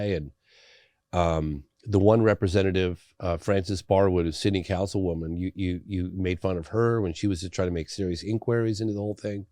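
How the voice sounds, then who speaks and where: Guesting on a podcast, a middle-aged man who makes documentaries spins an animated story full of fillers. He speaks briskly in a voice that sits low. Clean studio sound, no echo.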